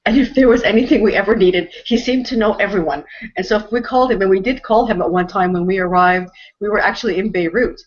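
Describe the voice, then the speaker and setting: A woman's voice: mid-range voice, fast talker. A woman from Canada, host and storyteller, telling a personal story in an earnest, emotional way with frequent restarts. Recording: dull lo-fi audio.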